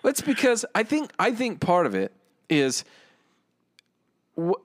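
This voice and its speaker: A man's voice: high voice, wildly swooping pitch, measured pace, no echo, studio quality. A man hosting a podcast in casual banter, rambling and asking himself questions as he talks. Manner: rambling, questioning, self-interrupting. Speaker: podcast host.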